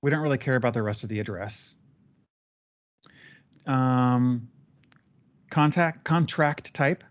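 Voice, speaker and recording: A man guiding a trainee step by step through a software training session, relaxed and chatty with fillers. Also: medium pitch, slow pace, highs cut off. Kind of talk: live screen-share training session.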